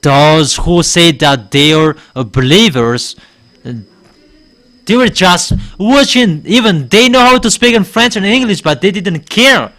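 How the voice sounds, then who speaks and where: A man from Madagascar, a native Malagasy speaker, preaching a sermon in English with emphatic declarations and frequent halting pauses. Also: high voice, lively intonation, bright, forceful tone. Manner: halting, with many uh pauses and restarts.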